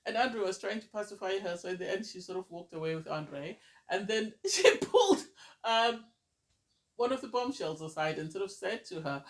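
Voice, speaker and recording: A man's voice: high voice, very animated, normal speed. A man chatting through a casual review and recap of a reality TV episode, gushing and exclamatory.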